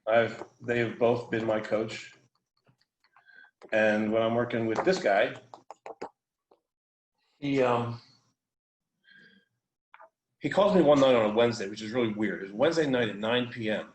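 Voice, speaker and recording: Echoey animated male storyteller. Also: mid-range voice, unhurried, long pauses, a little hiss or hum. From United States. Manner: animated, informal, profane. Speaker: guest. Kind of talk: casual storytelling.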